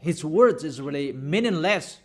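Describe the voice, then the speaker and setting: A male preacher delivering a sermon in a fairly high voice. He talks insistently, going back over his points and pressing his warnings on the listeners. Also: expressive, a little slow.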